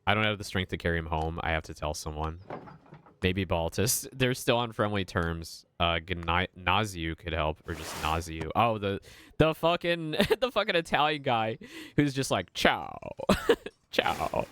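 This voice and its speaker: A man's voice: low-pitched, animated, moderate pace, a bit bright, slight background noise. A young man streaming a video game, chatting casually with crude jokes and frequent laughter. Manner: crude, jokey, laughs often.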